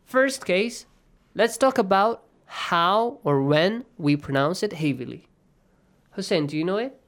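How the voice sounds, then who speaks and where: A man's voice: high voice, animated, unhurried, fairly bright tone. A man teaching Quran recitation rules in a lesson, explaining patiently and checking understanding often. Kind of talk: online tajweed lesson.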